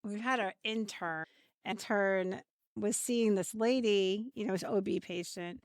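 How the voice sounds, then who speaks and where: A woman's voice: mid-range voice, measured pace, no echo, studio quality. A woman co-hosting a podcast, chatting casually and laughing often. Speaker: podcast co-host. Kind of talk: casual chat.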